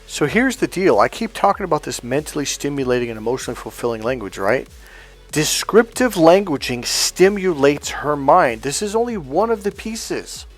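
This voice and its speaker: A man's voice: a little high, very animated, moderate pace, soft background music. A man coaching other men on dating in a blunt, profane, casual monologue, acting out quotes as he goes.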